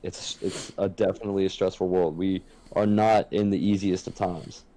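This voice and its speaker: A man's voice: low-pitched, fairly even intonation, normal speed, dark tone, rough recording. A man co-hosting a casual podcast, talking frankly and earnestly and swearing freely. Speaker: podcast co-host.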